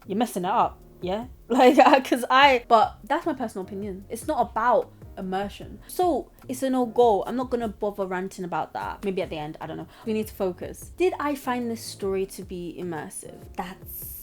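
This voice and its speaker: Faint music plays behind a young woman's animated, medium-pitched voice as she reviews a show for her anime channel. She moves at a moderate pace with few pauses, rambling casually and giggling between points in this vlog.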